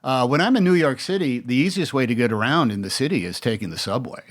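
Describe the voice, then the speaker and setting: A man's voice: mid-range voice, animated, fast talker. A man in his sixties with an American accent, telling stories in a casual interview, rambling with restarts and mimicking other voices. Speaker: actor, interview guest.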